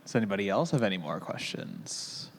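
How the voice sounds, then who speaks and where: A man's voice: on the low side, sing-song, brisk, slight background noise. A man moderating a conference Q&A, calling on people in a casual way. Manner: casual, directing the Q&A. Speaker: session moderator. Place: conference hall.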